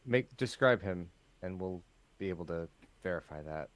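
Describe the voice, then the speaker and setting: Very deep-voiced male player. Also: expressive, normal speed, low-quality recording. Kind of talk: tabletop game play.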